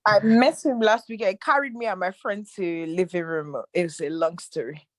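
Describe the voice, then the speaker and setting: A woman with a Nigerian accent co-hosting a podcast, telling animated stories in casual chat and acting out the voices of the people in them. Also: medium pitch, moderate pace, no room sound. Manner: animated storyteller, acts out quoted voices, laughs often. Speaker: podcast co-host.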